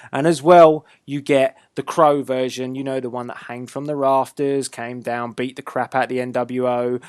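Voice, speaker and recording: A man's voice: mid-range voice, no room sound. A man hosting a casual wrestling chat show, upbeat and teasing, drawing out his announcements. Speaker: host.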